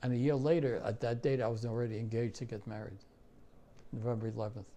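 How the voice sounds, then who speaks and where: An older man with a New York accent, a war veteran recounting memories in an interview, halting and repeating himself. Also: mid-range voice, fairly even intonation, warm tone. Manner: halting, repeats phrases, many fillers.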